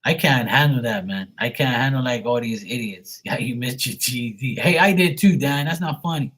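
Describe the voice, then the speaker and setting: A man's voice: medium pitch, normal speed, fairly bright tone, breathy edge. A man hosting a livestream, recounting chat trolls in a profane, mocking, rambling way with frequent laughter. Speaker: livestream host.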